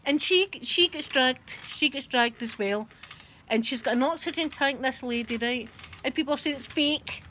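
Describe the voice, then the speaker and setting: Rocking in her chair at home, a Scottish YouTube live streamer talks casually with her live viewers, wandering from topic to topic and laughing a lot. Her mid-range voice comes across a bit bright, over a slight hiss or hum.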